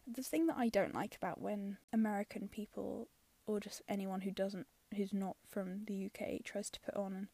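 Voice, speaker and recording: Chatty woman with a gravelly edge. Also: mid-range voice, darkish tone, dry recording. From London. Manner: chatty and opinionated, many fillers, drops into whispery asides. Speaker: film reviewer. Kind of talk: casual spoken film review.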